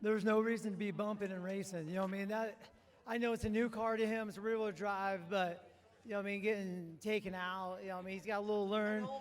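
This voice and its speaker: Rambling race driver man, high voice. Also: flat delivery, quick pace. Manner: rambling, repeats "you know what I mean".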